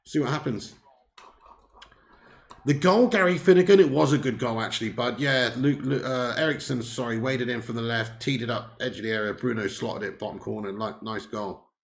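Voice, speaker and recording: A man's voice: mid-range voice, normal speed, vocal fry. A man hosting a live football watch-along, bantering and laughing with viewers between commentary. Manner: jokey banter, laughs often, chats with viewers. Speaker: host.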